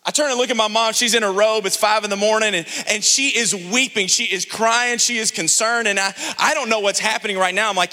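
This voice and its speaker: A man from the Houston area, a pastor preaching a sermon to a congregation, telling a humorous story with animated restarts. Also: high voice, brisk, big-room sound. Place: church sanctuary before a congregation.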